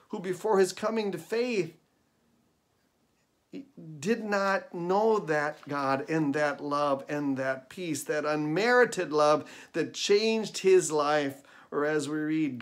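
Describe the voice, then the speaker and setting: A man's voice: on the high side, takes it slowly. Earnest male pastor preaching a sermon. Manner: earnest, emphatic preaching with repetition. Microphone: recorded devotional video.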